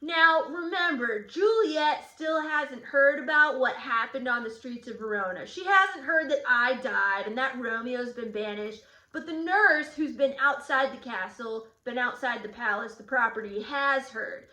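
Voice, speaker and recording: A woman teacher walks through a literature lesson, explaining the plot and acting out the quoted lines. Her voice is high and bright, and it rings in an echoey room. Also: lively intonation, a little slow, hardly any pauses.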